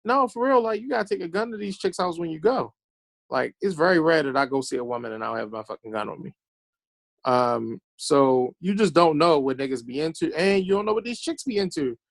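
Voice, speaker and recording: Gravelly-voiced man from Baltimore. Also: a little high, expressive, a little fast, no echo. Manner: profane, blunt storyteller acting out quotes. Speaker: podcast guest. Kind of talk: casual chat, storytelling.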